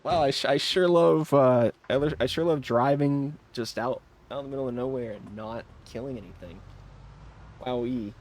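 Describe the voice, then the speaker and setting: A man's voice: medium pitch, normal speed, darkish tone. A man giving casual live commentary while playing a game, joking and laughing often. He banters defensively with his chat. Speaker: streamer.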